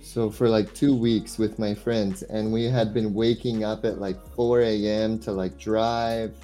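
A man's voice: fairly low pitch, little pitch movement, unhurried, warm tone, soft background music. A young man, a guest English tutor, chatting casually and telling stories in a rambling way, full of "like". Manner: rambling storytelling, filled with "like". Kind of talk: casual chat.

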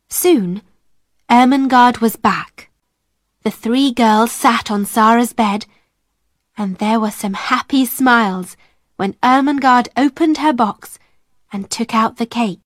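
A woman reads a storybook aloud slowly and clearly, with a fairly high voice. The recording is dry and close, with no room around her. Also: dry recording. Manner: slow, clear, careful. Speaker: audiobook narrator. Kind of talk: graded-reader storybook narration.

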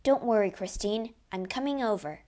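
A woman reading a storybook aloud and voicing a brave young male count who shouts in alarm. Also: a little high, moderate pace, lightly acted. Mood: urgent.

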